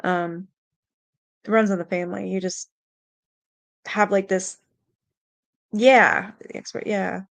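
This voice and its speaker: A woman's voice: medium pitch, fairly even intonation, takes it slowly, vocal fry, pauses often, no room sound. A young adult woman hosting a stream, telling a personal ghost story in a rambling, casual way with lots of fillers, mild swearing, and an earnest, spooked tone. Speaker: host.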